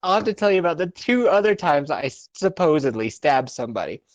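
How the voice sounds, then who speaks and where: A man's voice: a little high, very animated, fast. Laughing, profane young man telling a story. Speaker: podcast co-host. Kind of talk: casual storytelling chat.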